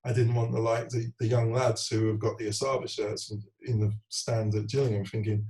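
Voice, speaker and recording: A man's voice: mid-range voice, moderate pace, few pauses, rough recording. A former footballer in his forties, talking candidly in an interview and retelling events earnestly, often acting out what others said. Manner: earnest, animated retelling with quoted voices.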